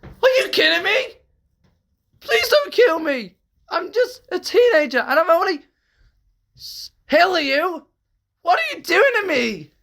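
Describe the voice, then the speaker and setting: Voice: very high voice, sing-song, slow pace, gravelly, pauses often, fairly bright tone, voice pushed up, heavily acted. A storyteller voicing a terrified teenage girl pleading for her life in a homemade horror story. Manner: pleading, frantic.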